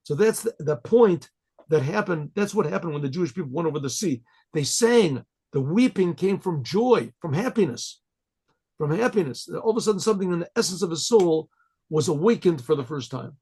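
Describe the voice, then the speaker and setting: A rabbi teaching a class, telling a story with lively acted-out dialogue and frequent throat clearing. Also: male voice, on the high side, fairly quick.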